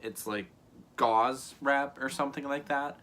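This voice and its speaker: A young man telling a story in a vlog, animated, often acting out other people's lines and filling his talk with "like". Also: mid-range voice, unhurried, a little hiss or hum. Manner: frequent "like" fillers, laughs between lines. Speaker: vlogger.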